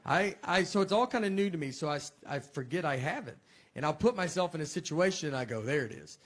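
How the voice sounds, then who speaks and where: A middle-aged comedian, telling stories in a deadpan, self-deprecating way and laughing through them. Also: male voice, fairly high pitch, fast. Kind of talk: casual comic storytelling. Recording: noisy background hiss.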